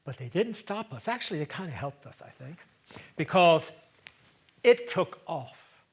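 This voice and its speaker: A man's voice: fairly high pitch, sing-song, measured pace, husky. Older man telling a story onstage. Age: 70s. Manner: conversational, swings between loud emphasis and hushed asides. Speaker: solo stage performer. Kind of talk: theatrical storytelling monologue. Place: theater stage.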